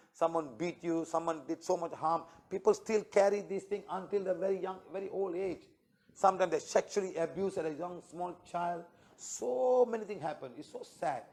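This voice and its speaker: A man with a fairly high voice teaches a healing workshop to an audience. He lectures in short spoken phrases and keeps checking in with "okay?" and "huh?". He retells his clients' words as quick quoted exchanges. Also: darkish tone.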